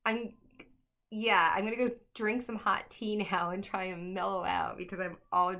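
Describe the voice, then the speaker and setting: Chatty, excitable woman reading tarot. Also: medium pitch, moderate pace, creaky. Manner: chatty, excitable, laughing often, talks to her dogs. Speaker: tarot reader. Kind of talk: casual tarot reading to camera.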